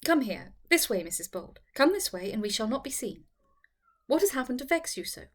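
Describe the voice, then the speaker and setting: A lively young lady, as a woman reader puts her on, brisk and coaxing in a fairly high voice. She sounds worldly and teasing, as in an audiobook of a classic novel. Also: breathy edge, heavily acted. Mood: concerned. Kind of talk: audiobook reading.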